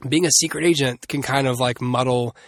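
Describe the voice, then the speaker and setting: A man's voice: mid-range voice, steady tone, brisk, dry recording, studio quality. A man hosting a solo movie review podcast, rambling and restarting often with many fillers. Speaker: podcast host.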